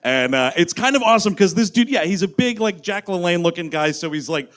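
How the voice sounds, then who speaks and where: A man co-hosting a live comedy podcast about a movie, excitable and profane, slipping into quick impressions. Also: sits high. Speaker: podcast co-host. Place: comedy club stage before an audience.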